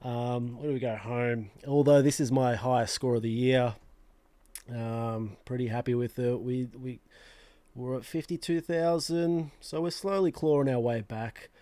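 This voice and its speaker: A young Australian man talks through his fantasy footy picks in a loose, rambling way, poking fun at himself and restarting his sentences. His voice sits in an ordinary middle pitch with a mellow, relaxed tone. The recording is dry and close. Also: a little slow, no echo. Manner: rambling, self-mocking, fillers and restarts. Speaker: fantasy football channel host. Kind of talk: casual vlog chat.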